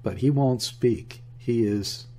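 A man's voice: mid-range voice, takes it slowly, dark tone, a little hiss or hum, natural voice. A man doing a drunk rambling old trader. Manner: mumbling, slurred, rambling.

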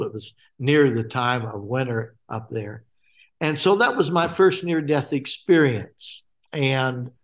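A man from Alaska, a guest telling his faith testimony in a halting way with many fillers and restarts. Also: medium pitch.

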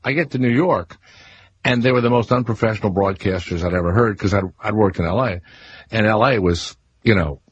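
A middle-aged man with a softened Southern accent, hosting a radio talk show and telling lively stories. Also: on the low side, fairly quick, breathy edge. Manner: animated storyteller, mimics announcers. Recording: dull, slightly lo-fi radio studio sound.

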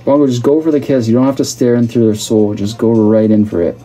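A male livestream host speaks fast in a mid-range, warm voice with a level tone, soft music behind him. He reads viewers' comments in a casual live chat, joking and chatting along the way.

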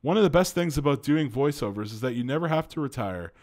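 A man's voice: mid-range voice, expressive, fast, darkish tone. A man hosting an online video, reading a news article aloud and breaking in with his own reactions, filler words and remarks to viewers. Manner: reads aloud with frequent interjections and fillers, addresses viewers as folks.

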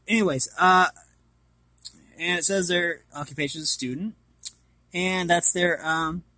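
A man's voice: fairly high pitch, bright, forceful tone, slightly rough. A man casually reading an art book aloud and commenting, hesitant and apologetic as he stumbles over names.

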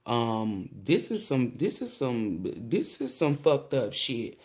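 A woman giving a tarot reading in a casual monologue, excitable and profane, exclaiming as she goes and sounding shaky with excitement. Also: a bass voice, slow pace. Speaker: tarot reader.

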